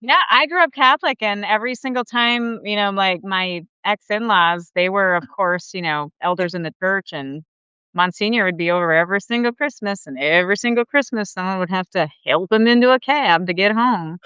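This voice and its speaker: A woman's voice: medium pitch, fairly quick, sharp tone, smooth, dry recording. A woman co-hosting a casual live-video chat, chatty and drawing stories out of her guests. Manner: chatty, prompts others, laughs along. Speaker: co-host. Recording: dull lo-fi audio.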